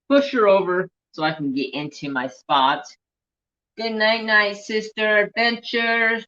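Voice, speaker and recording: A man's voice: medium pitch, fairly bright tone, highs cut off. An American man chatting casually and playfully about his pets and talking to them, as a craft channel host.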